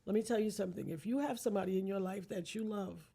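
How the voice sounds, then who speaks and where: A woman's voice: medium pitch, fast, creaky, mellow, slightly rough. A middle-aged woman, a podcast guest, talking earnestly and emphatically about her life, with a preacher-like manner. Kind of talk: heartfelt personal conversation.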